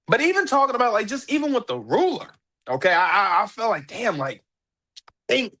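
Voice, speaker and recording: Excitable high-voiced man talking wrestling. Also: a little fast. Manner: excitable, repeats himself, laughs often. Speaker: podcast host. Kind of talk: casual wrestling commentary. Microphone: podcast mic.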